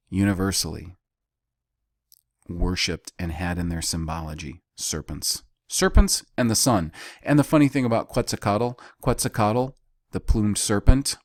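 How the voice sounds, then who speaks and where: A man teaching a Bible study in a deliberate way. He repeats key words and pauses between phrases. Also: deep voice, dry recording, clean studio sound.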